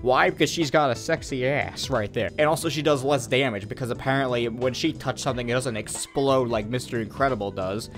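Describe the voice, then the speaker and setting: A man's voice: mid-range voice, a little fast, hardly any pauses, faint music behind. A young man recapping a film as a rambling, crude comedic parody, slipping in silly voices. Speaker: guest reviewer.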